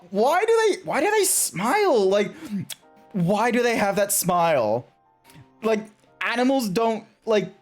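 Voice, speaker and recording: A man chatting casually to his stream chat as a game streamer, animated and joking. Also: high voice. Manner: animated, chatty, talks to chat, frequent laughs and restarts.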